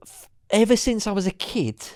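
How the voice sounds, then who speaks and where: A man's voice: high voice, very animated, moderate pace, a little mellow, no room sound, studio quality. A man co-hosting a podcast in chatty, rambling banter, swearing freely. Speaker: podcast co-host. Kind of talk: casual chat.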